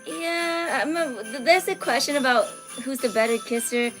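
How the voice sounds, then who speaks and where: A woman's voice: sits high, moderate pace, faint music behind. A woman hosting an art livestream, chatting casually with viewers and reading out their comments. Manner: chatty, reads out viewer comments, drifts into soft near-whispers.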